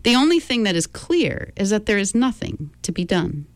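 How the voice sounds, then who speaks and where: A woman voicing a fussy little old man who calmly insists that nothing can be done. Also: mid-range voice, normal speed, dry recording, voice pushed up, natural voice. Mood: prim. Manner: patient, precise, politely insistent.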